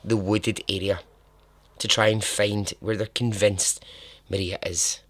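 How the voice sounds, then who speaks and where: A man's voice: lowish voice, flat delivery, unhurried, dry recording. A man hosting a podcast, telling a true-crime story in a casual, chatty way, laughing and swearing now and then. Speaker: podcast host.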